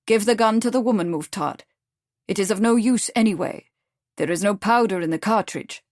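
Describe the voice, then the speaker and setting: A woman's voice: mid-range voice, normal speed, no room sound, studio quality, lightly acted. A woman reading the lines of a cold, mocking male Russian secret police agent in an audiobook. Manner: calm, sneering, clipped.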